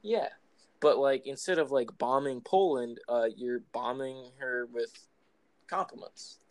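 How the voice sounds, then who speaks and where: A young man co-hosting a podcast in casual chat, teasing his co-host with deadpan jokes. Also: medium pitch, measured pace, dry recording. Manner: joking, teasing, deadpan banter.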